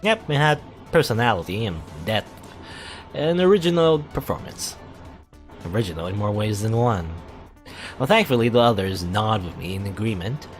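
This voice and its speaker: A young man reads a visual novel aloud and breaks off into rambling, stammering commentary. His pitch jumps around a lot. Faint game music plays quietly underneath. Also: expressive, fairly quick. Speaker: let's play gamer.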